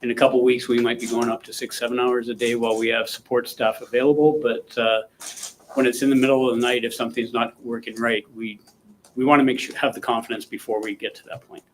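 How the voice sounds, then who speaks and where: Man, police official, press questions, matter-of-fact, mid pitch, faint noise behind. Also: little pitch movement, quick pace, rough recording. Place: press conference room.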